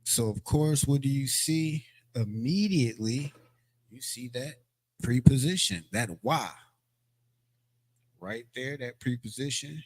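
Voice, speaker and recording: Working from a board, a man gives a language lesson as a casual lecture, speaking loosely and conversationally with plenty of fillers and repeated words. His voice is medium-pitched and slow, captured through a streaming setup.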